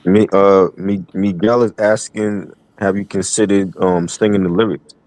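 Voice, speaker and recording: A man's voice: low voice, steady tone, measured pace, darkish tone, no room sound. A man co-hosting a casual chat, giving short replies and reading out viewer comments.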